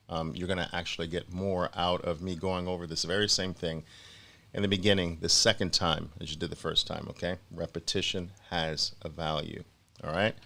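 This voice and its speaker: A man's voice: low-pitched, sharp tone. A man hosting a live online trading presentation, energetically hyping his viewers with repeated rallying calls before settling into explaining. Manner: greets viewers by place names, then settles into explaining.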